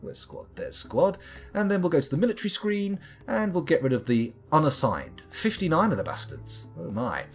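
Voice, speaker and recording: A man's voice: on the high side, very animated, normal speed, husky, faint music behind. A man streaming a game live, chatting and joking as he reads items off the screen.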